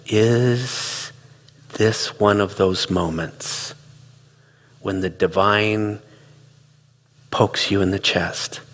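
A deep yet fairly bright male voice fills a large hall as a middle-aged relationships speaker gives a reflective, conversational talk. He tells stories and acts out the dialogue he quotes.

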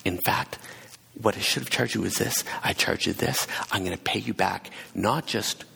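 A man's voice: fairly low pitch, normal speed, gravelly, bright, forceful tone, slightly rough. A man preaching a sermon and telling a story, acting out the voices of its people and building to fervent emphasis. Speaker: pastor. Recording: long hall reverb.

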